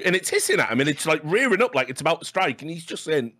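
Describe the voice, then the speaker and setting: A man's voice: a little high, sing-song, brisk, few pauses, bright, forceful tone. Swearing, rambling man. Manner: swearing, rambling anecdotes with stammered restarts. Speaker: podcast host. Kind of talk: casual esports podcast chat.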